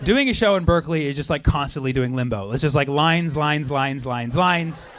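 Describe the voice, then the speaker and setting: A man doing a stand-up comedy set on stage, animated and sarcastic, now and then putting on voices for the people in his stories. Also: a little high, normal speed. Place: comedy club stage before a live audience. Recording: live club audio with audience laughter and noise. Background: audience laughing.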